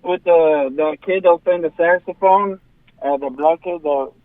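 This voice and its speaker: A man's voice: a little high, moderate pace, no room sound. A man calling in to a show, out of breath, talking in a sheepish, chatty way. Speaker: caller. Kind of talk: phone call into a show. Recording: dull lo-fi phone line.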